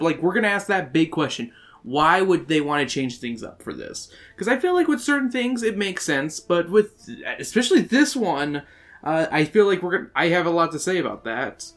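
A man's voice: fairly high pitch, very animated, normal speed, fairly bright tone. A man co-hosting a podcast in casual chat, rambling with lots of fillers, restarts and casual swearing. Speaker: podcast co-host.

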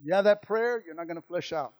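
A man preaching a sermon as pastor, impassioned, dropping soft and then building loud, often repeating words. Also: a little high, fast talker, poor audio. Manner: repeats words and restarts phrases.

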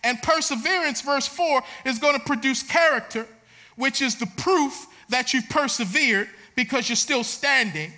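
Preacher guy, real high voice, super bright, yelling his sermon then going quiet. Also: unhurried. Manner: shouting, preaching with rising intensity.

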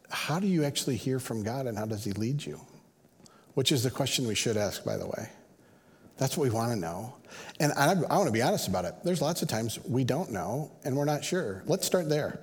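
A man's voice: mid-range voice, animated, a little fast, a little mellow, slightly rough. A middle-aged man preaching a sermon as a pastor, conversational and earnest, acting out the voices he quotes. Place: large church hall. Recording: reverberant church hall.

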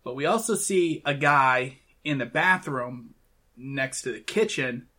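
A man co-hosting a casual talk show, retelling film scenes and quoting lines in quick bursts. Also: medium pitch, expressive, pushed and bright. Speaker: podcast co-host. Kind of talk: casual chat recapping a film.

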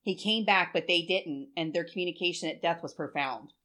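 A woman's voice: on the low side, fairly quick, fairly bright tone. A woman in her forties, co-hosting a podcast and telling a story in a chatty, emotional way, with plenty of swearing. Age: 40s. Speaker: podcast co-host. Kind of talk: casual chat.

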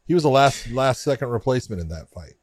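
A man hosting a podcast, talking in a measured, plain-spoken way about fights. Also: mid-range voice, animated, no echo. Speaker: podcast host. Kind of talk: casual chat.

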